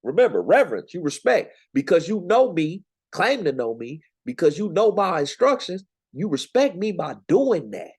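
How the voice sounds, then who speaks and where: A man's voice: high-pitched, sing-song, normal speed, few pauses, darkish tone, husky. A young man teaching scripture in a casual, slangy, emphatic way, from the United States. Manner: conversational, preachy, slangy and emphatic. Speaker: Bible teacher.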